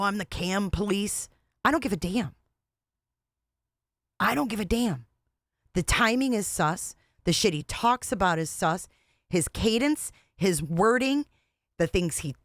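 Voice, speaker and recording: A woman's voice: mid-range voice, fairly bright tone, dry recording, clean studio sound. A woman hosting a casual livestream, talking in a blunt, repetitive and exasperated way. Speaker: livestream host.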